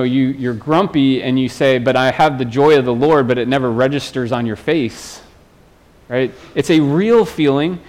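A man, a pastor, preaching a sermon in an earnest way, often restarting and repeating phrases. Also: mid-range voice.

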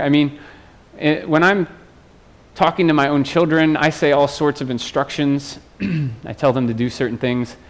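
A man, a pastor, preaching a sermon in an earnest way, often restarting and repeating phrases. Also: fairly high pitch.

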